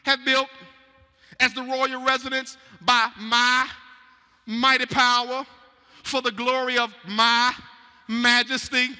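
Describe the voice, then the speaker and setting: Preacher voicing a proud king bragging, high and piercing, big hall echo. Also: fairly even intonation, takes it slowly, clean tone, full character voice. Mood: boastful. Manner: grandiose, loud and drawn out. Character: boastful proud ancient king, man. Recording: echoey church sanctuary.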